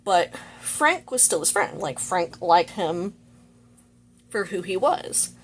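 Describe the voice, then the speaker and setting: A woman's voice: on the low side, very animated, slow pace, a little hiss or hum. A woman vlogger casually retelling a film's plot while getting ready, chatty and full of "like" and "you know". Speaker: vlogger reviewing a movie.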